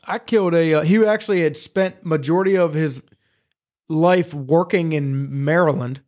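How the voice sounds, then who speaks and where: A man telling hunting stories in casual studio chat, profane and animated. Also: on the high side, normal speed. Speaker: podcast co-host.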